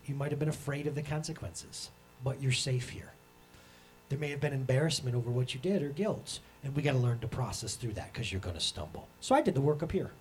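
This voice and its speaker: Preaching with animation, a pastor in his thirties acts out the voices of those he quotes. His voice is mid-range and his pace brisk, with faint music in the background.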